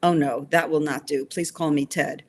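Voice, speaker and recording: A woman's voice: deep voice, fairly even intonation, moderate pace, a little hiss or hum, natural voice. A woman voicing a charming, teasing young British male soccer coach while reading her novel aloud. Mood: cheery. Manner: cheery and teasing.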